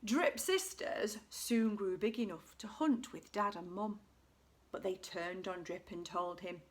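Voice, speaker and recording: A teacher reading a children's picture book aloud with expressive delivery. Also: female voice, medium pitch, a little slow. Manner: expressive, shifting voices and volume. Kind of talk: storybook read-aloud for children.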